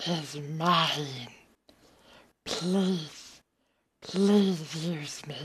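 Woman doing a creepy male cave creature, husky breathy rasp, slow drawn-out delivery, hissing whispers, comic impression. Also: fairly low pitch, fairly bright tone, full character voice.

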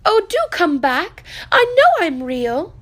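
A woman's voice: high voice, very animated, slow, pitched above the performer's own voice, full character voice. A woman voicing a shy, wistful little male toy rabbit who talks in a small, earnest, pleading way.

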